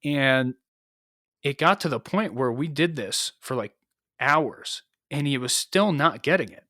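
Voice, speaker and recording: A man's voice: mid-range voice, lively intonation, unhurried, sharp tone, no echo. Dry, close-miked man telling a story. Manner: loose and profane, acts out quoted dialogue, frequent fillers. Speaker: podcast co-host, Army NCO. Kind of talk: casual conversational storytelling.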